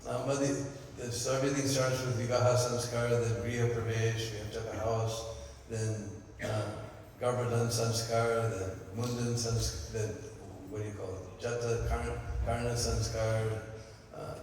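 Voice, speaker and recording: A man tells a devotional story at a temple and keeps nudging his listeners with a questioning "hmm?". His voice sits at a middling pitch. It rings through a big reverberant hall, picked up from a distance with a faint background hiss. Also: flat delivery, moderate pace, hardly any pauses, darkish tone. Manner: keeps asking the audience "hmm?" and "huh?". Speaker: temple class speaker. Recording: echoey hall with the mic far off.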